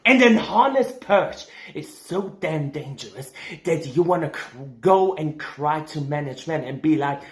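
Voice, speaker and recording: A man with a German accent, a native German speaker, delivering an angry, cursing wrestling trash-talk promo in shouted bursts. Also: fairly high pitch, lively intonation, normal speed, hardly any pauses, roomy sound. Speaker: fan wrestling promo competitor.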